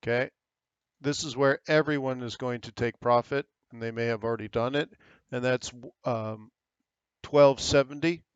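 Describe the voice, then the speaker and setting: A man's voice: medium pitch, fairly even intonation, normal speed, clean tone, dry recording, dull audio. An American man hosting a live trading webinar, giving casual, rambling market commentary with frequent fillers.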